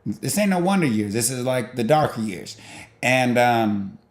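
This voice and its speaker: A young man telling a long story in a loose, rambling way, full of filler and sound effects. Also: measured pace. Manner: rambling, peppered with "blah blah" and "boom"; animated, jumps in loudness while retelling. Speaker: vlogger.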